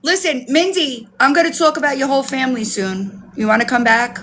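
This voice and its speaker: A high-pitched, slightly bright voice races along fairly quickly with hardly any pauses, and a little hiss or hum sits in the audio. The woman is hosting a live stream, ranting in disbelief and outrage, swearing a lot and repeating herself while responding to her chat.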